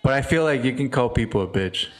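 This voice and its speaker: Casting: male podcast co-host, mid-pitched voice, stop-start storytelling. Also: animated. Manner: halting, restarts, laughs at own stories. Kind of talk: casual comedic chat.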